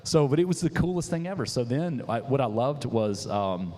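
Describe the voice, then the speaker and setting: A man founder telling a story in casual chat, animated and slangy, with lots of restarts. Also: mid-range voice, moderate pace. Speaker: coffee business founder, guest. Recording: echoey hall with faint noise.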